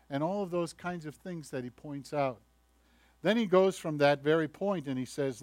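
A male pastor giving a conversational sermon, telling the story in a lively way with acted voices. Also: on the high side, moderate pace, dry recording. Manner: conversational, animated storytelling preacher who acts out voices.

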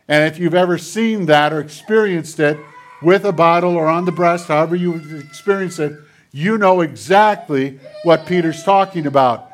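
Man preaching, soft-spoken and dramatic. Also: fairly high pitch, moderate pace. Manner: dramatic retellings, drops to near whispers. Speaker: pastor. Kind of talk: sermon. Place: church filmed on camera.

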